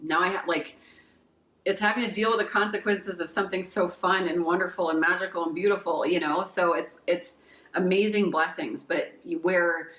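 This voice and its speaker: A woman's voice: lowish voice, steady tone, moderate pace, fairly bright tone, reverberant. A woman giving a casual pick-a-card tarot reading. She reads oracle card messages aloud and gushes with emotion, swearing casually along the way.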